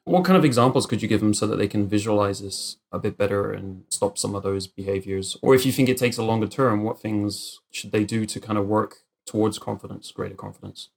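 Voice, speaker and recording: A man's voice: lowish voice, brisk, creaky, hardly any pauses. A man interviewing a guest, asking thoughtful questions and rephrasing them as he goes.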